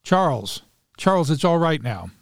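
A man's voice: a little high, big pitch swings, normal speed, creaky, no room sound, clean studio sound, pitched above the performer's own voice. A man reading as a cold, composed mistress. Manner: cold, quiet, contained. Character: cool, composed scheming mistress, adult woman. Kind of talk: read-aloud story dialogue.

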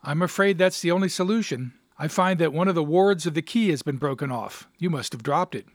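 A man's voice: fairly high pitch, a little fast, dry recording, clean studio sound, lightly acted. Man reading as a weary young bachelor. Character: bored young bachelor, weary then eager.

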